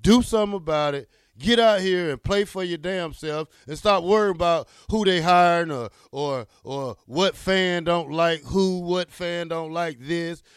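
Sports talk co-host, male, higher register, heated fan rant, dry studio sound. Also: measured pace, few pauses, smooth, no echo. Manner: fired-up, blunt, repetitive ranting.

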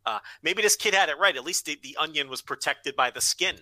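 Bright, forceful man telling a story. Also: fairly high pitch, brisk, rough recording. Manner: profane, animated storytelling. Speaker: podcast co-host. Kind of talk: casual podcast chat.

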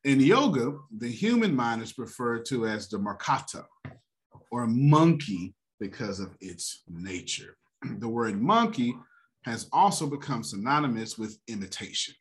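Male host, super lively pitch, preachy hype, laughs a lot. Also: unhurried. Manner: animated, preacher-like, laughs often. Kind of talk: motivational finance talk.

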